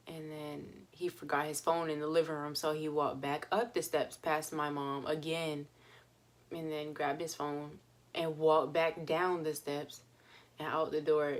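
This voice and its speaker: Young woman, low-pitched voice, chatty vlog storytelling, lots of fillers. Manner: chatty, full of fillers and laughs. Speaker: vlogger. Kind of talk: casual story time.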